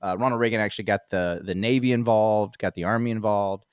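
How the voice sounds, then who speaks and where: Low-voiced rambling male podcast host. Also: fairly even intonation, fast talker, smooth, dry recording, studio quality. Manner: rambling, many fillers, laughs often. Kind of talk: casual comedy podcast chat.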